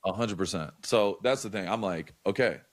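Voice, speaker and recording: A young man with a fairly low voice tells a story in loose, casual talk. He swears freely and keeps circling back with likes and half-finished restarts. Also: normal speed. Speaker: podcast guest.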